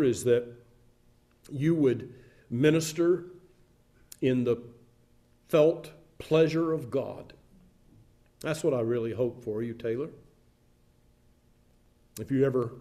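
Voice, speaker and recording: A man's voice: medium pitch, dark tone. A man in his sixties, a pastor, preaching an ordination sermon in a church with earnest, repeated emphasis. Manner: earnest, building emphasis through repetition. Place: church sanctuary.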